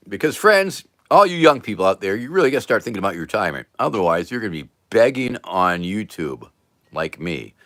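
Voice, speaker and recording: Dry, animated man hosting a livestream. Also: fairly low pitch, no room sound. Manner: reads viewer names aloud with dry jokes. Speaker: livestream host. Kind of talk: casual livestream chat.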